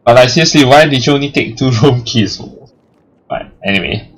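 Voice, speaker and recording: A man hosting a let's play who reads the game's text aloud and jokes about it, laughing and getting loud when excited. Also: medium pitch, normal speed, slight background noise. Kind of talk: reading game text aloud with casual commentary.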